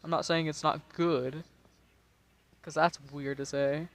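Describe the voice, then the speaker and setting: A man's voice: fairly high pitch, flat delivery, slow. An American man in his twenties, tipsy and rambling in casual, profane chat while streaming a game, laughing often. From United States. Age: 20s.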